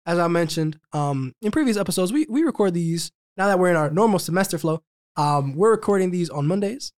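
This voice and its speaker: Young male podcast co-host, easygoing and chatty, slangy, quick to laugh. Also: high voice, expressive, darkish tone. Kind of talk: casual chat.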